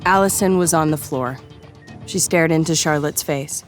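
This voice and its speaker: A woman giving measured, scripted audiobook narration. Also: deep voice, faint music behind.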